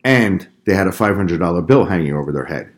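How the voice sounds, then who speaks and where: A man narrating a children's story in a calm, measured way. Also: low-pitched.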